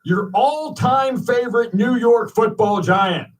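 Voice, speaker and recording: A man's voice: very high-pitched, slow pace, distant mic, rough recording. A man in his fifties from Atlanta, hosting a radio talk show and heaping enthusiastic praise on his guest. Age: 50s. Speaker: radio host. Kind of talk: radio interview chat.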